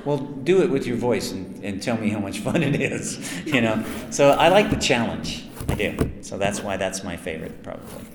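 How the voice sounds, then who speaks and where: A man's voice: on the low side, normal speed, few pauses, a crowd in the background. A man, a voice actor answering fan questions at a convention panel, telling long self-mocking stories and acting out quotes. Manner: chatty, self-mocking, lively anecdotes with acted quotes. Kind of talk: convention Q&A storytelling. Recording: echoey hall, some noise.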